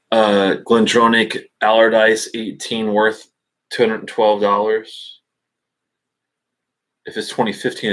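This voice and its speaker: Guy with a lowish voice on a webcam stream, lots of ums and restarts while he figures stuff out. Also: a bit bright. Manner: halting, thinking aloud with many fillers and restarts. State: hiccups. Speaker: live stream host. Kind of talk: casual live-stream chat.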